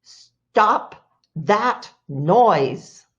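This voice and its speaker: Woman doing a bossy lion king barking orders slow, dull sound. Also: fairly low pitch, big pitch swings, a little mellow. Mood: commanding. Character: male lion, king of animals, commanding.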